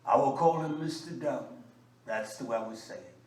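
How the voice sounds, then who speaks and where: A man's voice: on the high side, expressive, a little fast, a little mellow. Fiery male preacher in an echoey room. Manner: emphatic and scolding, with frequent uh fillers. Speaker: religious teacher. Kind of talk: fiery sermon teaching. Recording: echoey room, mic at a distance, faint background noise.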